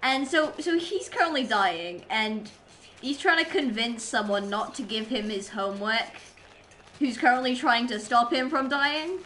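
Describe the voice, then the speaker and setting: Excitable young woman rambling on stream. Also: fairly high pitch, measured pace, slight background noise. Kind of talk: casual chat while gaming. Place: home streaming setup.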